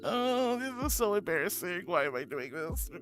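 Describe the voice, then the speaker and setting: A woman's voice: fairly low pitch, big pitch swings, moderate pace. Bubbly, giggly woman streamer. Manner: bubbly, giggly, calls viewers honey and sweetie. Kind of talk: casual live-stream chat.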